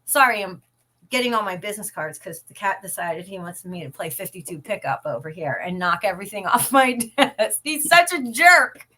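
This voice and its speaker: Woman, 50s, podcast host type, sharp bright tone, talkative and meandering. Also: mid-range voice, sing-song, normal speed. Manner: chatty and rambling with many restarts. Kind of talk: casual chat.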